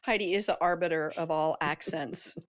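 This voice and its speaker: A woman's voice: low-pitched, moderate pace. A woman hosting a podcast in casual chat, upbeat and playful. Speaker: podcast host.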